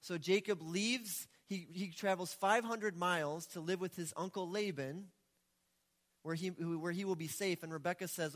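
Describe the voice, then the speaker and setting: A male pastor with a high voice tells his story in a loose, chatty preaching style and often acts out the characters. His voice rings out through a large hall with a long, trailing reverb. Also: moderate pace. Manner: conversational, animated storytelling. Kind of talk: sermon.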